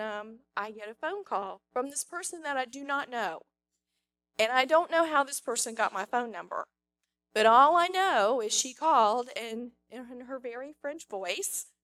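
Woman, high voice, dry close sound; rambling, excited church testimony. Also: dry recording. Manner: rambling, excited, full of fillers. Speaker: church member giving a testimony. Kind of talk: spontaneous testimony.

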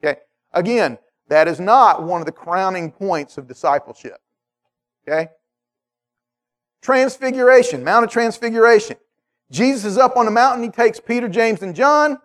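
A male preacher delivers a sermon in a lively, conversational style. He keeps checking in with his listeners. His voice sits high for a man. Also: normal speed. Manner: animated, conversational, checks in with "okay?".

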